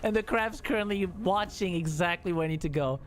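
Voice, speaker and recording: A male streamer giving casual gameplay commentary, excitable and swearing, with frequent laughs. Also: high-pitched, a little fast, faint music behind.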